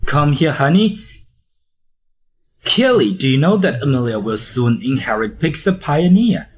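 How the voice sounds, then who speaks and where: A man's voice: medium pitch, lively intonation, unhurried, breathy edge. A man voicing a ruthless, scornful young man who sneers at others in a dubbed drama.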